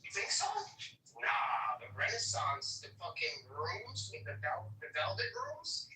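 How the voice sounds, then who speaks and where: A man chatting casually in an excited, slangy way. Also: a little high, a little slow, distant mic, slight background noise. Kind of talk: casual chat. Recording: echoey room, off mic.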